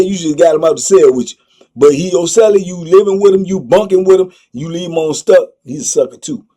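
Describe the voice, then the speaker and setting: An excitable male storyteller, talking in slang and tossing in asides constantly. His voice is husky, with a mellow, dark tone that sits a bit high for a man. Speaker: storyteller host. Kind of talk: animated prison storytelling.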